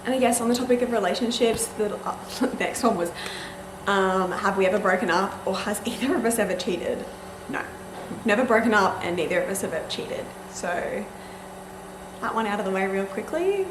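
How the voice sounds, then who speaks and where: A woman's voice: mid-range voice, reverberant, background noise. A young woman, chatting casually to camera and telling a story with many "likes" and acted-out quotes. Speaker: vlogger.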